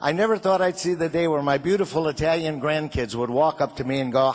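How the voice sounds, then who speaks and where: A man's voice: a little high, brisk, hardly any pauses. A man in his sixties from Chicago, doing a folksy stand-up set and chatting with the crowd. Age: 60s. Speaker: comedian and singer.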